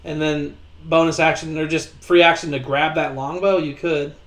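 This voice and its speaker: Man, game master, tabletop game, slightly high voice, easygoing, joking, explains the rules. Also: normal speed. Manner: relaxed, joking, guides players through rules.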